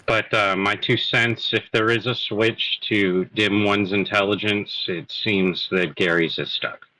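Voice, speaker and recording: A man's voice: lowish voice, fairly even intonation, a little slow, bright, forceful tone, slight background noise, rough recording. A man calling into a live-stream chat from his workplace, making dry, wry remarks. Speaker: guest caller.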